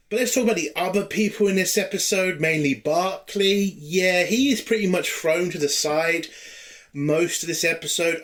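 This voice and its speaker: A man's voice: fairly high pitch, a bit bright. A man from the UK giving a ranting TV episode review, exasperated and heavily profane throughout.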